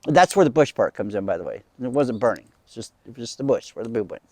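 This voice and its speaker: A man's voice: mid-range voice, animated, fast talker, a little mellow. A middle-aged man telling a comic story to a small live audience in a casual, chatty way. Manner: casual, chatty, acting out voices in quotes. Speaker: comedic storyteller.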